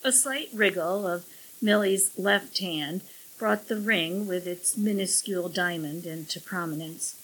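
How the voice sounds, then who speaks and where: A woman narrating a story at a measured, even pace. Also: on the low side, low-quality recording. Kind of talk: audiobook narration.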